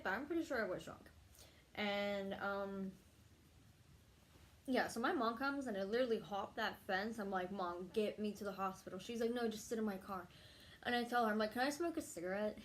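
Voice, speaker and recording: Young woman rambling through a storytime. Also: medium pitch. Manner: rambling, laughing, swearing freely. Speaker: vlogger. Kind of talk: casual storytime vlog.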